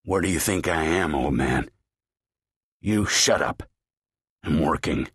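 A man's voice: rumbling low, lively intonation, slow pace, a bit bright, slightly rough, dry recording, clean studio sound, heavily acted. A man voicing a cold, mocking arsonist killer who taunts his victim. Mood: curt.

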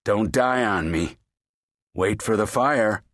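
A man's voice: low voice, expressive, measured pace, a bit bright, husky, no echo, studio quality, exaggerated voice. A man doing a cold, taunting killer. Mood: curt. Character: cold, mocking arsonist killer.

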